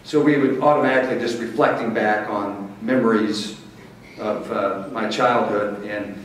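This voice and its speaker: A man's voice: lowish voice, steady tone, moderate pace. Folksy man in an echoey hall. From Missouri. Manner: folksy, warm storytelling with playful crowd asides. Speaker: motivational speaker. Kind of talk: acceptance speech. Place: large banquet hall. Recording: echoey hall, distant mic, faint hiss.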